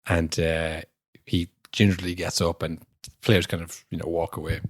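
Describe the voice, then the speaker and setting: A man's voice: deep voice, monotone, moderate pace, dry recording, clean studio sound. A young adult man co-hosting a football podcast, telling the story animatedly and acting out the people in it. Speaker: podcast co-host. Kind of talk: casual football chat.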